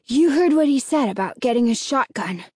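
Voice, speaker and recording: A woman's voice: high-pitched, animated, moderate pace, a little mellow, breathy edge, dry recording, studio quality. A woman voicing a worried boy who sounds anxious and a little out of breath. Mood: uneasy. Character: worried, uneasy young boy, Danny.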